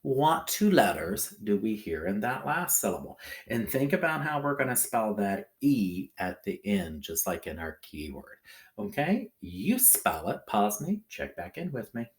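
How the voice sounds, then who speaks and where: A man teaching a recorded phonics lesson to children, talking in a slow, sing-song way and checking in often with the listener. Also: lowish voice. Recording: echoey room.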